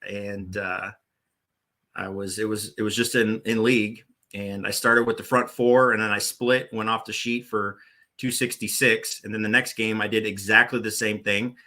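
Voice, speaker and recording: Bright-voiced man in his forties telling stories. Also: lowish voice, level tone, normal speed. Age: 40s. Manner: rambling, many restarts and "uh" fillers. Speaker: podcast guest, former bowling tournament director. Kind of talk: casual storytelling interview.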